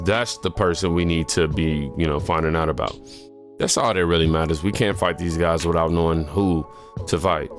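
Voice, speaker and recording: Very deep voiced guy doing blunt reaction commentary, bit of music under him. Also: moderate pace. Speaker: reaction channel host.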